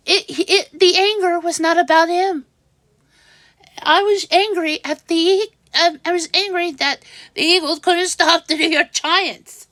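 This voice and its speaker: A woman with a high voice talks straight into the camera, venting about a falling-out in an unhurried, upset ramble. She keeps breaking off and restarting her sentences. The sound is dry and close, with no room echo. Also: a bit bright. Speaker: vlogger. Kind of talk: casual venting monologue.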